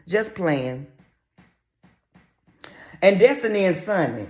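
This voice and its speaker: Sassy high-voiced gossiping man. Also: big pitch swings, takes it slowly, a little mellow. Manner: sassy, brash, crude, rambling. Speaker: vlogger commenting on reality TV. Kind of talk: casual gossip commentary.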